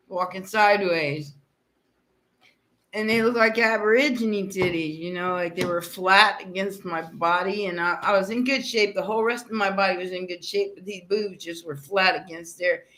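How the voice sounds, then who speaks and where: A woman's voice: medium pitch, a bit bright, a little hiss or hum. Bawdy, laughing woman livestreamer. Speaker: livestream host. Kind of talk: casual chat with viewers.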